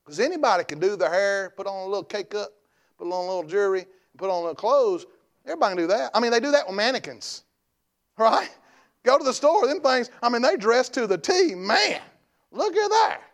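A man in his thirties with a Southern US accent, preaching a Sunday evening sermon in a folksy, joking, plain-spoken way. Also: sits high. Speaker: pastor.

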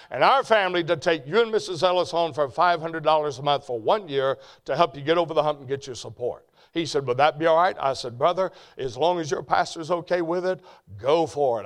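An older preacher with a drawl, his voice sitting a bit high for a man. He tells homespun stories in a folksy way, going soft and low, then climbing to fervent shouts. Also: brisk. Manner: folksy, swings from quiet storytelling to loud shouting. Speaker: preacher and ministry president. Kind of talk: storytelling sermon.

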